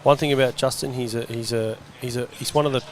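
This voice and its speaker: A man commentating live on a pool match, relaxed and bantering with his co-commentator. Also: mid-range voice, fast. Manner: relaxed, banters and laughs easily.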